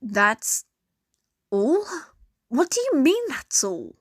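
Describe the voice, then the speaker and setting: A woman voicing a caring young woman who speaks softly and worriedly, turning firm when needed. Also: medium pitch, a little slow, dry recording, clean studio sound, close to an everyday voice.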